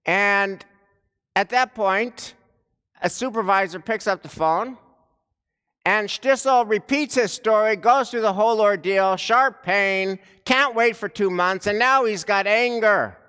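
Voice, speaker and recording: Slow, bright-voiced rabbi preaching. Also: male voice, high voice, smooth. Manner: slow, deliberate storytelling with dramatic pauses. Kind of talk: sermon. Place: synagogue sanctuary. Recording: long reverb of a large sanctuary.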